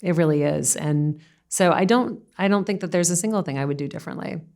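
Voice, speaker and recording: Low-voiced earnest woman. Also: a little fast, creaky, darkish tone. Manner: earnest, reflective, laughs often. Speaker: podcast guest. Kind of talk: casual interview conversation.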